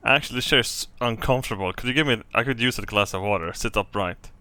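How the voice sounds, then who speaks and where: A man's voice: mid-range voice, fast talker, few pauses, sharp tone, dry recording. A man streaming a video game, joking around and reading dialogue choices aloud. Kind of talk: casual game stream commentary.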